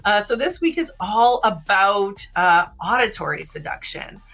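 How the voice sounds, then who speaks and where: A woman hosting a casual live-stream of sex advice, chatty, with many fillers and "right?" tags, sometimes dropping into a low, slow voice to make a point. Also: very animated, vocal fry, a bit bright. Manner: drops into a low slow voice to demonstrate. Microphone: streaming setup.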